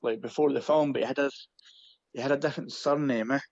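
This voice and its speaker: A man's voice: mid-range voice, steady tone, fast talker, darkish tone, no room sound. A young man in casual chat, rambling and swearing, with lots of fillers. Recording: dull lo-fi sound.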